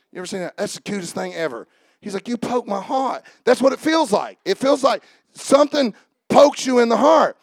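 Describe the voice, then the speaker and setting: High-voiced preacher with gravelly shouts. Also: male voice, dry recording, clean studio sound. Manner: preaching, often shouting, asking the congregation questions. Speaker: pastor. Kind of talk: sermon.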